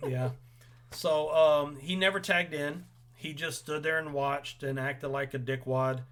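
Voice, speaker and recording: A man's voice: fairly high pitch, fairly even intonation, measured pace, a bit bright. A young man hosting a casual wrestling recap, opinionated and rambling with frequent ums. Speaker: podcast host.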